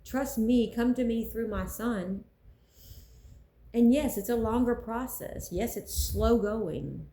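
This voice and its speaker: A woman's voice: on the high side, takes it slowly, mellow, roomy sound, low-quality recording. A woman speaking earnestly about her faith, preaching in a casual way and repeating phrases for emphasis. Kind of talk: personal faith talk.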